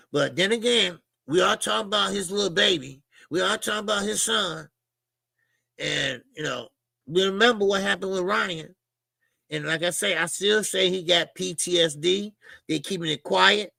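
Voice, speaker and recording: Man, gravelly fry, dry close sound, animated boxing livestream host. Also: sits high, moderate pace, dry recording. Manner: animated, profane, greets chat viewers. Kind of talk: casual livestream commentary.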